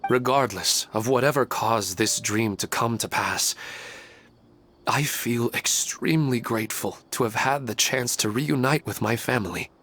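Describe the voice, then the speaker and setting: A man's voice: mid-range voice, a little slow, a bit bright, a little hiss or hum. An actor playing an earnest, plain-spoken husband and father in a video game, speaking in a heartfelt way.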